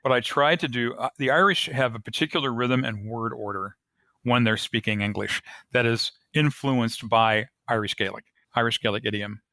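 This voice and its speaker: A man, an author being interviewed on a podcast, explaining his craft in a thoughtful, measured way. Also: mid-range voice, sharp tone, dry recording. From United States. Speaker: author guest.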